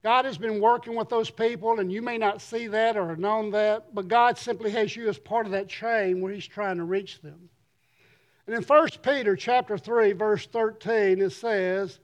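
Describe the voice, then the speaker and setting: A middle-aged man, a pastor, preaching a sermon in an earnest way and reading scripture slowly with emphasis. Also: high-pitched, steady tone.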